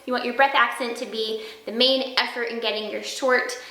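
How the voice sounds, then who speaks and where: A woman flute teacher giving a clear, step-by-step lesson and sounding out practice syllables. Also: a little high, fairly even intonation, normal speed, pushed and bright, roomy sound, soft background music, poor audio. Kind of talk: instructional video lesson.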